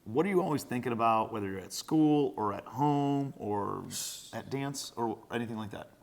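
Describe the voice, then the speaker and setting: A man's voice: mid-range voice, lively intonation, normal speed, gravelly. A man in his thirties hosting a podcast, talking in a chatty, easygoing way with loose fillers. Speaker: podcast host interviewing his daughter. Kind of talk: casual conversational interview.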